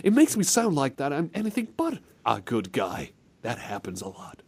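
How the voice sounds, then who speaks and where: A man's voice: medium pitch, huge pitch swings, normal speed, darkish tone. A man co-hosting a casual comedy chat, playful and prone to breaking into silly voices. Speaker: podcast co-host.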